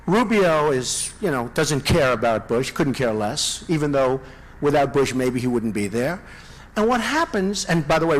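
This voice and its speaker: A man's voice: sits high, a bit bright. A man giving a campaign rally speech, boastful and rambling, with many asides to the audience. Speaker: political candidate.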